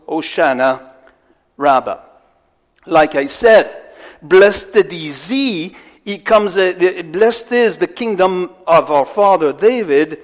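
A man preaching an expository sermon, asking his congregation questions and swinging between loud emphasis and hushed asides. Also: high-pitched. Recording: long hall reverb.

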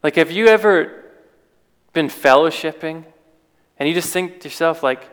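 A man delivers a relaxed, conversational sermon in a fairly high voice, often restarting his sentences and asking rhetorical questions. His voice rings out with a long reverb, as in a large hall. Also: moderate pace, long pauses, smooth. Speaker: preacher. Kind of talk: informal sermon.

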